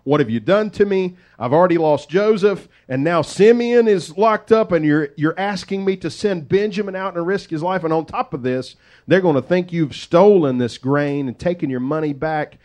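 Man voicing a grieving old father, pleading, exasperated, higher voice. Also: normal speed, a little mellow, lightly acted. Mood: anguished.

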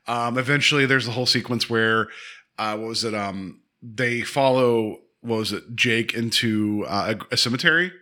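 A man co-hosting a podcast, recapping a movie in a rambling, animated way. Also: medium pitch, moderate pace. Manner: rambling, animated, acts out scenes in character voices. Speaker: podcast co-host. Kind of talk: casual movie-review chat.

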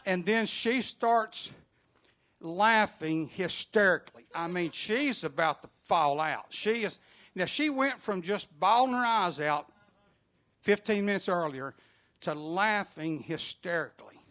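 A man telling an animated, funny story to a church congregation. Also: sits high, unhurried.

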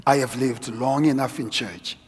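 Husky middle-aged male preacher, sermon in a reverberant church hall, lively swings between murmur and shout. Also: normal speed. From South Africa. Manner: animated, shifts from low asides to shouted exhortation. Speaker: guest preacher.

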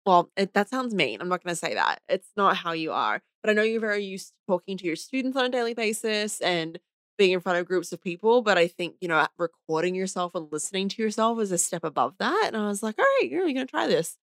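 A woman's voice: medium pitch, lively intonation, fast, no echo. Chatty Australian-born woman, dry close sound. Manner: chatty, laughs often, uses "like" a lot. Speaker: podcast guest, host's wife. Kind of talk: casual chat.

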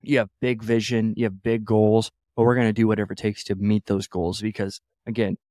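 A man's voice: on the low side, flat delivery, fairly quick, dark tone, dry recording, clean studio sound. A man hosting a church leadership podcast, teaching in an emphatic motivational way, repeating phrases and correcting himself as he goes.

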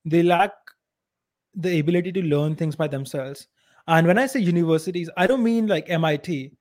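Blunt Indian-accented man, slightly high voice. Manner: blunt, opinionated, uneven loudness. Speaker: podcast co-host. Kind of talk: casual podcast chat.

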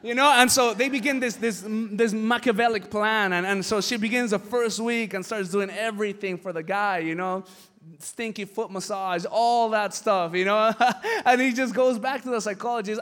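A man preaching a sermon, telling a story with acted voices and building to emphatic shouts. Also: sits high, steady tone, normal speed. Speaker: pastor.

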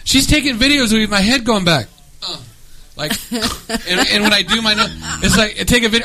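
A man co-hosting a radio show, telling animated stories, laughing often and acting out both sides of a quarrel. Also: high voice, normal speed, a little hiss or hum. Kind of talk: casual radio banter.

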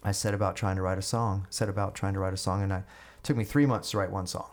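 Middle-aged man, low voice, telling a story. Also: fairly even intonation, quick pace. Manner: chatty, repeats words, acts out dialogue. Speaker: guest musician. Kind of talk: storytelling in a podcast interview.

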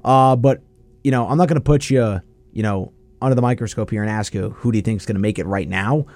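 A young man hosting a student sports radio show, upbeat and quick to run through the rundown. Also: on the low side, a little mellow. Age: young adult. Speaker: host.

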